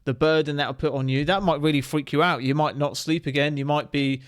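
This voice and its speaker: A man, chatting casually and teasing the viewer with questions. His voice sits a bit high. The sound is close and dry, with no room in it. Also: steady tone, fairly quick, dry recording. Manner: playful, joking, asks the viewer questions. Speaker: host. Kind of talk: casual chat to camera.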